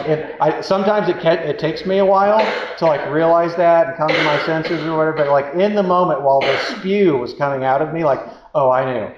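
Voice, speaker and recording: A man giving relationship advice through a casual, candid story, self-deprecating and rambling with many fillers. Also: a little high. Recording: roomy, dull sound with faint noise.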